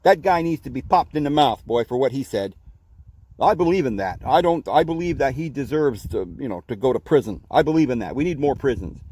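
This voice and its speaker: A man's voice: mid-range voice, lively intonation, brisk, warm tone, husky, low-quality recording. Man doing a grumbling indignant man. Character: indignant vengeful man who wants justice.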